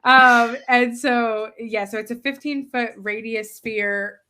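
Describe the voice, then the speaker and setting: A woman player describing her character's turn at a tabletop game, her voice bright and a touch high. She takes her time, drifting through filler words and breaking into giggles as she goes. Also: steady tone, slow pace. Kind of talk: casual tabletop game play.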